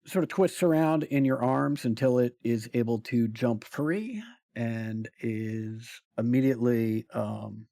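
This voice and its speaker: A man narrating a tabletop role-playing game as game master, slow and hesitant with many pauses and fillers. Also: mid-range voice, gravelly, warm tone, no echo, clean studio sound.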